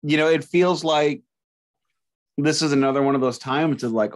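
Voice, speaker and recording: A man co-hosting a music podcast, talking in halting, joking bursts with frequent restarts. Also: fairly high pitch, fairly even intonation. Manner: halting, joking, self-interrupting. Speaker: podcast co-host. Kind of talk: casual album review chat.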